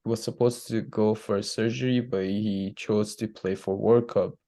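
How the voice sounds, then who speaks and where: Low gravelly dude rambling about soccer, dark voice, lots of uh and like. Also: male voice, steady tone, moderate pace. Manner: rambling, earnest, many fillers. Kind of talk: casual sports chat.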